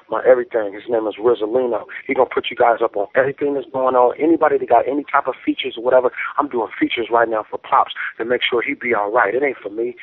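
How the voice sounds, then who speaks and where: Calling in by phone to give shout-outs, a Bay Area guest rapper speaks in a husky, mid-range voice. He's emotional and preachy, heavy on slang, and struggling to hold back tears. The audio is a dry, tinny phone line.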